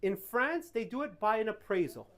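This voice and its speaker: A man giving casual Q&A answers to a live audience, telling animated stories and correcting himself as he goes. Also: high voice, normal speed. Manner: animated storytelling, self-correcting. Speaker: tax advisor speaker. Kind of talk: casual Q&A talk.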